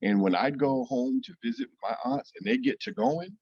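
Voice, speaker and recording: A man's voice: medium pitch, wildly swooping pitch, moderate pace, gravelly, darkish tone, slightly rough, no room sound. Chill guy on a panel, storytelling, muffled dry mic. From United States. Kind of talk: casual panel discussion.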